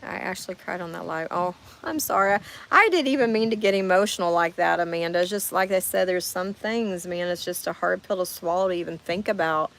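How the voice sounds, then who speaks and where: Lady in her 40s doing a live chat, lowish gravelly voice, talks right to folks. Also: fairly quick, hardly any pauses, fairly bright tone. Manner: chatty, talks straight to viewers. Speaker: livestream host reading comments. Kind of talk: casual chat. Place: camper while on a camping trip.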